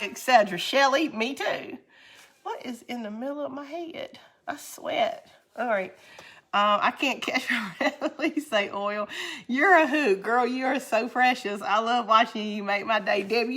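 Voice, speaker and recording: A woman's voice: fairly high pitch, bright, forceful tone. A woman with a Southern US accent hosting a crafting livestream, chatting casually with viewers, reading their comments aloud and laughing often.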